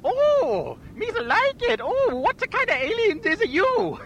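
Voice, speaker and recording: A squeaky, bright goofy alien sidekick, mangling every sentence in broken childlike grammar. The voice sits very high and bounces around. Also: male voice, wildly swooping pitch, takes it slowly, creaky, a little hiss or hum, exaggerated voice.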